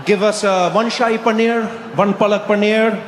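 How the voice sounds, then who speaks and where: Man playing a show-off ordering for the table in a thick put-on accent, loud, slow, very formal, echoey hall. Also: sits high, level tone, close to an everyday voice. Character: the narrator himself, showily ordering food in an exaggerated put-on accent. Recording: echoey hall with faint noise.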